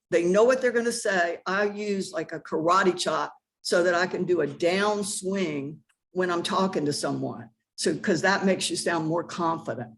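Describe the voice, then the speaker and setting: A woman speaking as a real estate agent and trainer on an online panel, upbeat and eager in a coaching tone. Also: fairly low pitch.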